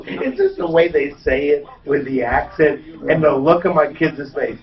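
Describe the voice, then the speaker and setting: Man, radio host, animated storyteller, distant from mic, muffled sound. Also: fairly high pitch, measured pace. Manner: animated storyteller, acts out quotes. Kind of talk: casual studio chat.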